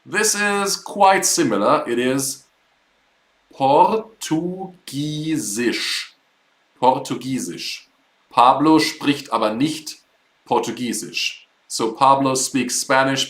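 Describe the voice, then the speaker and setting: A man's voice: mid-range voice, fairly bright tone, echoey room, low-quality recording. A man teaching a live online German class, explaining words patiently step by step.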